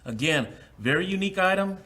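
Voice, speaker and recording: Auctioneer, male, higher voice with a bright edge, repeats bid amounts in runs, lots of "uh" fillers, faint noise behind. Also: fairly quick. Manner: repeats the asking price in steady runs, many "uh" fillers. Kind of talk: live charity auction calling.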